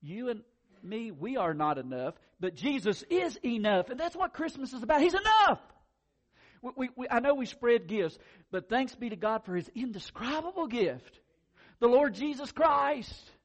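A pastor preaching a sermon, animated, swinging from loud emphasis to quiet asides and doubling his words when excited. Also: very high voice, moderate pace.

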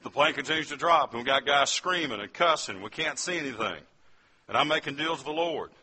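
A West Virginia man delivers a testimony as a sermon, talking directly to his listeners while he tells his story. His voice sits on the high side, animated and brisk, with a sharp tone and a breathy edge.

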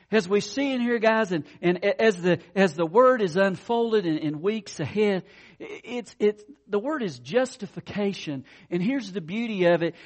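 Man, pastor, sermon, high-pitched, excitable, fervent, talks to the congregation as "guys". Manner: fervent, excitable preaching that swings between loud peaks and hushed lows; casual, addresses listeners as "guys" and "man".

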